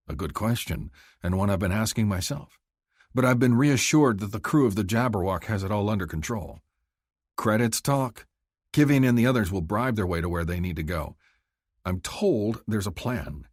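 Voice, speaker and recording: A man reads a fantasy romance in first person with a low voice and a husky grain. His delivery moves a lot in pitch, climbing high when he speaks for the heroine. The sound is dry and close to the mic. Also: animated, normal speed, darkish tone, no room sound. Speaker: audiobook narrator.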